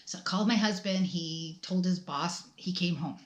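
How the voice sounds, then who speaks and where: A middle-aged woman vlogging about her family's loss, talking in a halting, emotional way with many restarts. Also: fairly low pitch, reverberant. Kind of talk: tearful personal vlog talk.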